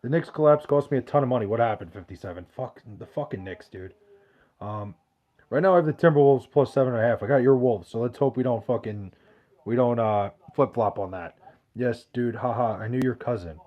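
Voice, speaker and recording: A man's voice: mid-range voice, a little fast, muffled recording. A man hosting a podcast, reading out chat questions in loose, profane, joking banter. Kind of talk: casual chat.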